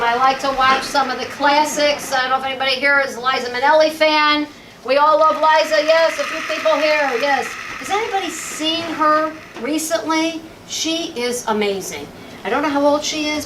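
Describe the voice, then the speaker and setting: A woman comic from Chicago, chatting her way through dating stories in a high, bright-sounding voice. The sound is roomy and distant, as if caught from across a lounge, with a faint hum behind her. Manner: chatty, storytelling, acting out punchlines. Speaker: stand-up comedian. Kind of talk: stand-up comedy set. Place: lounge stage with live audience. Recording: echoey lounge, mic at a distance.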